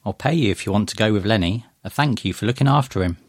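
A man's voice: on the low side, animated, quick pace, breathy edge, no room sound, clean studio sound. A man voicing a friendly young father who speaks politely. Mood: grateful.

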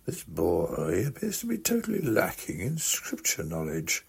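A man voicing a drunk, pompous young upper-class gentleman who slurs and blusters at a schoolboy in a comic reading. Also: deep voice, wildly swooping pitch, a little slow, creaky, husky, full character voice. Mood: ranting. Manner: slurring, blustering, belligerent.

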